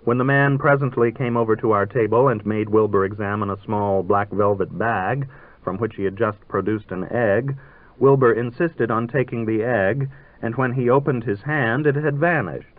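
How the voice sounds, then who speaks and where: Dry-voiced male reader on old radio. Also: lowish voice. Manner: measured, dryly ironic storytelling. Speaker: narrator. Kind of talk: literary story reading. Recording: tinny old radio broadcast.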